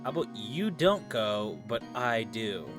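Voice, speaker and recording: A man's voice: medium pitch, very animated, a little slow, over music. A man sarcastically joking and swearing while playing a video game with a friend. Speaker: let's play host. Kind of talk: casual game commentary.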